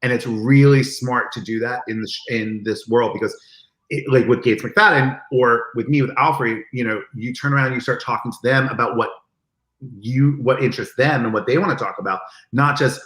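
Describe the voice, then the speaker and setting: A man telling stories as an interview guest, animated and acting out the lines he quotes in lively chat. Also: medium pitch, moderate pace, reverberant, rough recording. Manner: animated, acts out quoted dialogue. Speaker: guest, event marketing executive. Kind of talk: casual storytelling in an interview.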